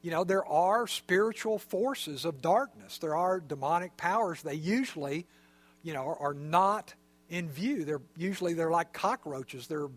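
High-voiced male preacher. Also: unhurried. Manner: conversational, explanatory, with fillers. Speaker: pastor. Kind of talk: sermon.

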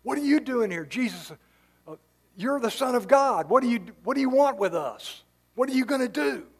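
Cornered demons begging not to be punished, read by a man, high voice, pleading questions. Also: very animated, slow, exaggerated voice. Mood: alarmed. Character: frightened male demons pleading for mercy.

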